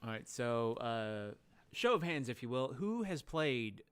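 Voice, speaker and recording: A man's voice: mid-range voice, a little slow, smooth. A man streaming a video game, giving chatty asides to his viewers. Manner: chatty, animated asides to chat. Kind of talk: let's play commentary.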